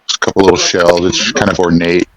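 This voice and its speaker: A man's voice: low voice, flat delivery, quick pace, very noisy. A man playing in a tabletop game, describing his character's actions in a rambling way. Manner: rambling, full of likes. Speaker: player. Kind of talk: casual tabletop play.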